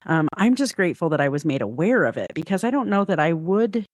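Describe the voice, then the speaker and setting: A woman's voice: on the low side, very animated, fast, a little mellow, no room sound. A middle-aged woman who is a podcast guest, telling stories and reflecting in casual conversation, often hedging her points. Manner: reflective, storytelling, frequent hedging.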